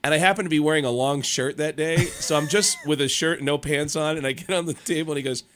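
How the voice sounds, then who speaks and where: A man in his thirties telling a comic story as a radio guest, animated and stammering, acting out the other voices. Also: on the high side, fast, slight background noise. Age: 30s. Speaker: comedian guest.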